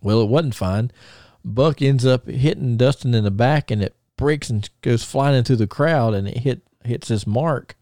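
A man's voice: medium pitch, moderate pace, warm tone, dry recording, clean studio sound. A man hosting a casual podcast, rambling through stories with many fillers and restarts. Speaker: podcast host.

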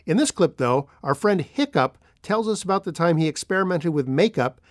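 A man's voice: fairly high pitch, normal speed, dry recording. Podcast host guy reading mail, laid back, lots of uhs, dry mic. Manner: relaxed, many uh fillers. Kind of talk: reading listener mail and plugs.

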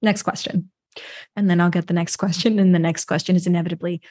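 A woman's voice: on the low side, fairly even intonation, fast talker, a little mellow, dry recording, clean studio sound. A woman from New York hosting a solo podcast, speaking in a reflective, conversational way and often asking "right?". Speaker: podcast host.

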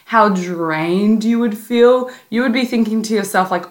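A woman's voice: mid-range voice, expressive, a little slow, hardly any pauses. A young woman hosting a casual advice podcast, talking bluntly and playfully, with plenty of swearing and sass. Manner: blunt, sassy, profane, playful. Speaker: podcast host.

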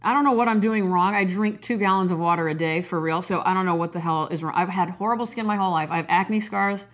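A woman in her forties from Nebraska hosting her own podcast, talking loudly and excitedly, jumping between topics with cussing and self-mocking jokes. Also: lowish voice, quick pace. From Nebraska, USA. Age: 40s. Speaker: podcast host. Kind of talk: casual solo podcast monologue.

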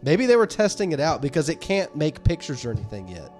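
A man co-hosting a casual podcast chat, an animated storyteller who laughs often. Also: a little high, fast, faint music behind. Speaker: podcast co-host.

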